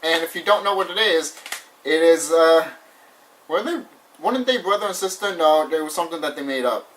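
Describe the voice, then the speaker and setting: A young man casually ranting through a movie review, animated and repetitive, swearing often and laughing now and then. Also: a little high, a little fast. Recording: voice somewhat far from the mic.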